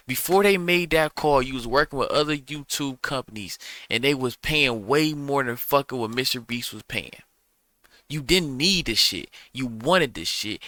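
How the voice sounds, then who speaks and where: A man's voice: mid-range voice, pushed and bright, dry recording. A man hosting a reaction video, commenting bluntly and profanely with exasperation.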